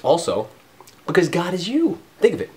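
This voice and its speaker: A man going off in an unscripted spiritual rant, rambling and cursing, swinging between loud emphasis and low mutters. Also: wildly swooping pitch, moderate pace, slight background noise. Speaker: vlogger.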